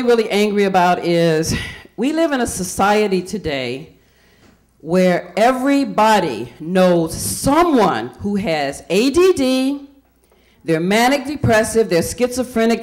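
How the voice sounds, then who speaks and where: A woman's voice: mid-range voice, very animated, normal speed, a little mellow. A woman from Indiana doing a stand-up comedy set, chatty and quizzing the crowd with questions. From Indiana, USA.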